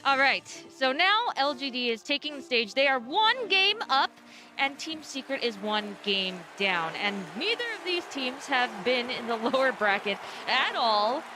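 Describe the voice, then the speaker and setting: A woman hosting an esports analysis desk, upbeat and quick to laugh as she hands questions to her panel. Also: high voice, big pitch swings, over music. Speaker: desk host.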